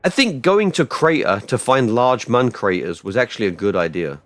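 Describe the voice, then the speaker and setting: Excitable rambling streamer man. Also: fairly low pitch, normal speed, dry recording. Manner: rambling and excitable, with loud outbursts. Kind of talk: casual live-stream chat while gaming.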